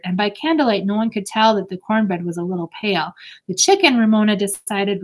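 A woman reads a children's chapter book aloud in a steady, expressive narrating voice. Her pitch sits in the middle range for a woman. The delivery is clear and well paced. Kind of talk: storybook read-aloud.

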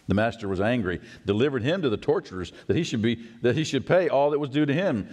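A man's voice: fast talker, hardly any pauses. Preaching man in a reverberant church. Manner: expressive, acts out quoted voices with rising pitch. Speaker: pastor. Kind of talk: sermon. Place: church sanctuary. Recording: long church hall reverb.

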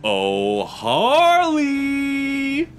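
A man voicing a gleeful, menacing male clown villain dressed as a ringmaster, with a Brooklyn accent and a showy, drawn-out way of talking. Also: high voice, very animated, fairly bright tone, soft background music, voice pushed up, full character voice. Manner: showy, taunting, drawn-out delivery.

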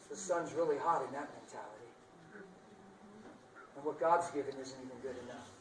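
A man preaching a sermon with dramatic swings between loud bursts and hushed lines, playful and laughing at himself now and then. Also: mid-range voice, a little fast, long pauses, slight background noise. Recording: roomy sound picked up from a distance.

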